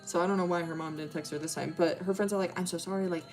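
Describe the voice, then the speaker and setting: A woman's voice: lowish voice, fairly even intonation, quick pace, a little mellow, soft background music. A woman streamer casually retelling a story, rambling and swearing, with lots of fillers and slang.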